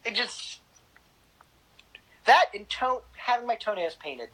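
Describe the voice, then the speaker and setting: A woman's voice: on the high side, very animated, slow, fairly bright tone, slightly rough, poor audio. A woman guest in a casual interview, speaking candidly and bluntly with frequent laughs.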